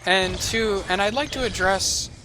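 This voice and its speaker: A man's voice: sits high, measured pace, background noise. A young man streaming a strategy game, talking casually with sarcastic, profane asides. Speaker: gaming streamer. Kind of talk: casual gameplay commentary.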